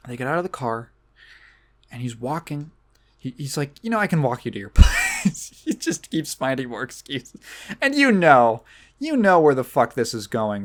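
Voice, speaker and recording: Rambling, excitable man swearing casually. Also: medium pitch. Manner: rambling and excitable, swears often, with many restarts and laughs. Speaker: podcast host. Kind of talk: casual podcast chat, retelling a film.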